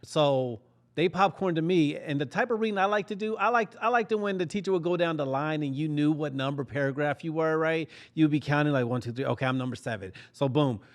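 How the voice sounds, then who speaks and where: A man hosting a podcast, telling a comedic story with lively acted-out quotes and frequent laughs. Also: on the high side, brisk. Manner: animated, laughs often, acts out quotes. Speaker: podcast host.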